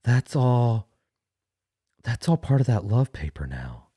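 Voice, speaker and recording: A man's voice: mid-range voice, sing-song, takes it slowly, dark tone, husky, dry recording, studio quality, voice pushed up, full character voice. A man playing weepy, gushing caller Gil. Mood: tearful gushing. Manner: weepy, gushing, dramatic apologies. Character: overly sentimental male caller Gil. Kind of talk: comedic character bit.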